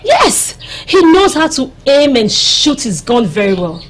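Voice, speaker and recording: An actress with a Nigerian accent playing a teasing friend in a drama, husky voice. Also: female voice, sits high, big pitch swings, a little slow, full character voice. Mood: playful. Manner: teasing, playful. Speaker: friend (Obioma). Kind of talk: Nollywood drama acting.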